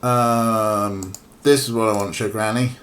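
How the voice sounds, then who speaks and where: A streamer from Wales with a mild Welsh accent gives casual let's-play commentary on a game for his chat, chatty and joking, with asides to viewers. His voice is fairly low and a bit bright, with a steady tone and measured pace.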